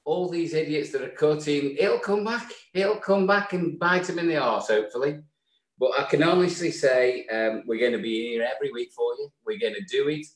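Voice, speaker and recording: A man's voice: on the high side, normal speed. A man co-hosting a live online show, talking effusively and sentimentally as he thanks his co-host and signs off. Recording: roomy echo.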